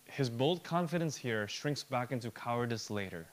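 An animated man with a mid-range voice preaches as a pastor, earnest and emphatic. His delivery falls to a slow, soft near-whisper before swelling back up.

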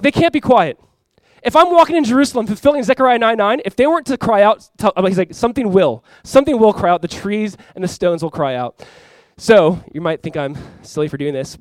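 A male pastor preaching a sermon in a conversational, animated way, acting out the quotes of the people in the story. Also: a little high, dry recording.

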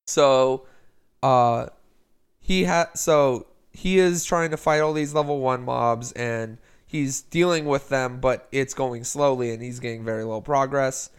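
A man co-hosts a laid-back podcast, wandering through a plot recap and reciting the characters' lines. His mid-range voice is clear and resonant, and he speaks a little slowly.

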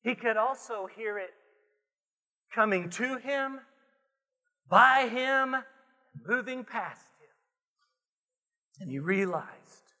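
A male pastor delivers a sermon in a very high, bright, ringing voice, taking his time over every phrase. He drops to hushed tones and then climbs to shouted refrains. The sound carries a long hall reverb from the church sanctuary. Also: lively intonation, slow, pauses often. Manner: preaching, swings from hushed to shouted.

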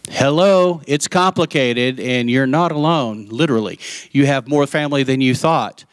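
A man's voice: medium pitch, normal speed, no echo. Candid man preaching a sermon. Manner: candid storytelling, acts out quoted voices. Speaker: pastor.

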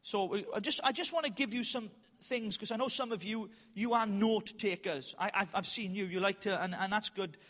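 A man preaching at a conference, telling stories with animated, self-mocking humour, then slowing down for emphatic points. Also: high-pitched. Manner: animated, self-mocking, loud bursts and slow emphatic lines. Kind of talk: conference sermon with storytelling. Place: large hall with an audience. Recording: reverberant hall.

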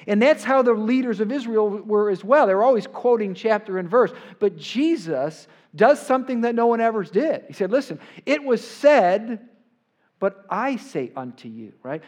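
A man preaching a sermon to a congregation in a church, getting louder and more forceful on the scripture he quotes and often checking in with "right?". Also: high-pitched, lively intonation, moderate pace. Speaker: pastor. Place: church sanctuary before a congregation.

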